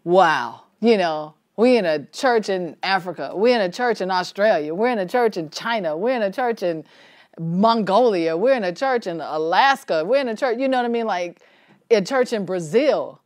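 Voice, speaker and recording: A woman leading a church Bible study in a relaxed, conversational way, asking the group questions and laughing easily. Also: medium pitch, moderate pace.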